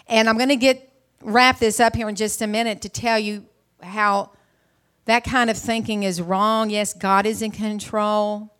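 A woman's voice: on the high side, steady tone, normal speed, a bit bright. Middle-aged woman preaching a chatty sermon. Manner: casual and chatty, with frequent restarts; clears her throat often. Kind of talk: Mother's Day sermon retelling a Bible story.

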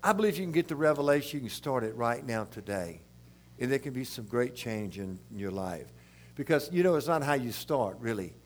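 An older man from South Louisiana with its accent, preaching a sermon in a rambling, folksy, animated way. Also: mid-range voice, fairly quick.

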